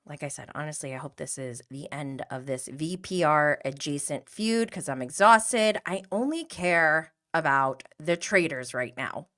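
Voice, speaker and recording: A woman in her thirties hosts a casual reality TV podcast, talking in a chatty, animated way. Her voice sits a little low, and she laughs often as she greets live chat viewers by name. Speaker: podcast host.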